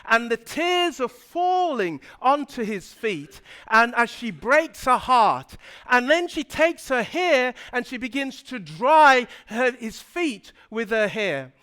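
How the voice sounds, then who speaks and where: A male pastor retelling a story in a sermon in a church, animated, with frequent restarts. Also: very high voice, slow, smooth.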